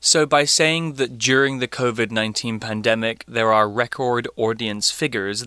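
A British man teaching English vocabulary in a clear, explanatory way. His voice is bright and forward, and the recording is close and dry with no room sound. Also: medium pitch, no echo. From Britain.

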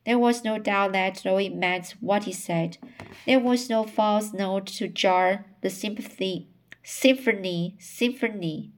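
A woman reading a novel aloud, often stumbling over words and starting phrases again. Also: mid-range voice. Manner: reads slowly with frequent stumbles and restarts. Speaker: narrator.

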